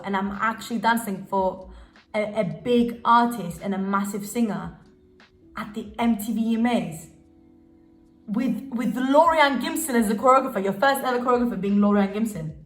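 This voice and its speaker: Brief: young female vlogger, excitable storyteller, echoey room, faint music under. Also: medium pitch, moderate pace. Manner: gushing, emotional, lots of fillers and restarts. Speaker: dancer and vlogger. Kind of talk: casual storytelling vlog. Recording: roomy sound with faint music.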